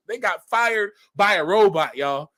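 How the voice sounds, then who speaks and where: A man's voice: high-pitched, animated, takes it slowly, pushed and bright. A man reading news headlines aloud and adding sarcastic commentary, laughing often. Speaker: commentary vlogger.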